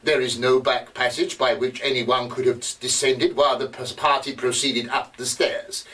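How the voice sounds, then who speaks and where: An actor playing a male investigator who reports witness testimony in a live stage drama, often pausing with hesitations. He is recorded from a distance. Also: mid-range voice, little pitch movement, a bit bright, lightly acted. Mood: measured. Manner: halting, with frequent hesitations. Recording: distant mic.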